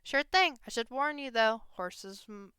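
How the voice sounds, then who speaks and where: A woman's voice: a little high, animated, unhurried, pushed and bright, clear, resonant tone, no echo, clean studio sound. A woman voicing a friendly, folksy cowboy horse rancher.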